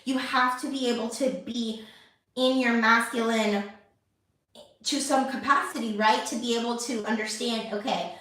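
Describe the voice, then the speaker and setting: A woman's voice: on the high side, fairly even intonation, moderate pace, a bit bright, distant mic. A young adult woman hosting her own channel, talking casually to camera, chatty and full of fillers and restarts. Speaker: lifestyle channel host. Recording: echoey room, voice off-mic.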